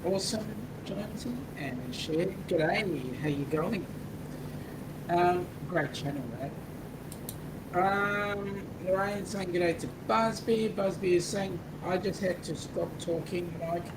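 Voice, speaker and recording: Aussie bloke, fairly high voice, reading out the chat, lots of hiss behind him. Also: male voice, slow pace. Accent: Australian. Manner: reads out viewer chat comments, joking. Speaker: co-host. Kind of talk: casual livestream chat.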